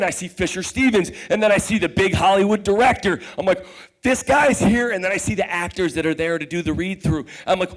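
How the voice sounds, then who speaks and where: A man telling a true personal story on stage, animated and profane, laughing as he talks and acting out his own inner voice. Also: fairly high pitch.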